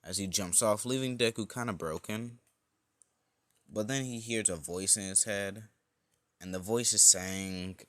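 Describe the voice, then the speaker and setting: Man, casual storyteller, rambling, self-correcting, deep voice, dry sound. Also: a little slow, a bit bright, dry recording. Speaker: fan-fiction storyteller.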